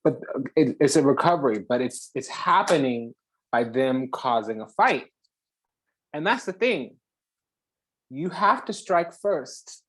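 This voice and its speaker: Give me a mid-pitched spiritual channel host doing a fiery, profane reading with big dramatic pauses. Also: animated, breathy edge. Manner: heated and profane, swinging between loud and hushed.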